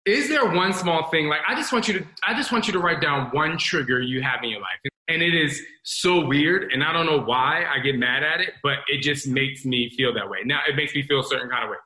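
Forties male host, bright slightly high voice, candid motivational rambler, echoey room. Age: 40s. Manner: rambling, confessional, addresses listeners as y'all. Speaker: self-improvement talk host. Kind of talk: candid motivational talk to an audience. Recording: roomy echo.

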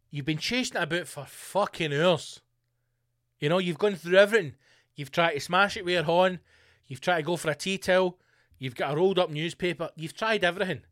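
A man's voice: a little high, a bit bright, dry recording, clean studio sound. A man hosting a podcast, riffing through a crude, sweary comic monologue. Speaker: podcast host. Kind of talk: casual comedic monologue.

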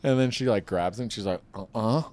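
A man's voice: fairly low pitch, a little fast. A man chatting casually as co-host, telling stories with laughter and acted-out quotes. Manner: animated storyteller, acts out quotes with laughter. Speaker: podcast co-host. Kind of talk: casual chat.

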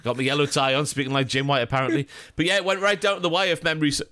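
A man's voice: on the high side, fairly even intonation, very fast, bright, forceful tone, no room sound, studio quality. A man co-hosting a casual football podcast, joking and reading out listener mail with playful asides. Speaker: podcast co-host.

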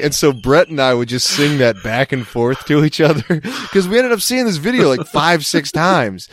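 A man's voice: mid-range voice, animated, normal speed, few pauses, no echo, clean studio sound. A young adult man, a podcast co-host, telling rambling stories and acting out the people he quotes in casual chat. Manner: rambling storyteller who acts out quoted voices.

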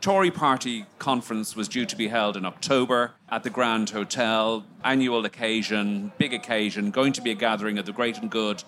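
A man's voice: lowish voice, moderate pace, few pauses, fairly bright tone, a little hiss or hum. A man co-hosting an interview, jumping in with leading questions and stumbling repetitions, recorded at a festival. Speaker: podcast co-host. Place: outdoor festival.

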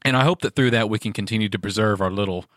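A low-voiced man hosts a relaxed conversation, speaking earnestly and at a measured clip. He fills pauses with ums, and his voice sounds close and dry. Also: dry recording. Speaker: podcast host. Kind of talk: casual interview talk. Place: around a table with guests.

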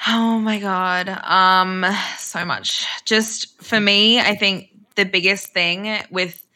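A woman's voice: mid-range voice, fairly even intonation, slow, pushed and bright. A young woman with an Australian accent, a podcast guest talking effusively and chattily over a video call. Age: young adult. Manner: effusive, chatty, frequent laughs. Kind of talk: casual interview chat.

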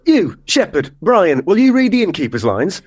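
A man's voice: high voice, big pitch swings, moderate pace, breathy edge, exaggerated voice. An actor playing a brusque, dismissive man directing a pantomime.

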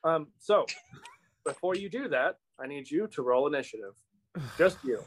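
Casual game master, man, a bit high, loose and giggly narration. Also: lively intonation, normal speed, rough recording. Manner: casual, laughing, stumbling over words.

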